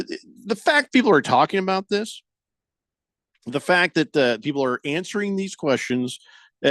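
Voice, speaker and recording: A man's voice: medium pitch, fairly bright tone, no echo. A man hosting a casual sports radio show, reading listener comments aloud and adding wry asides.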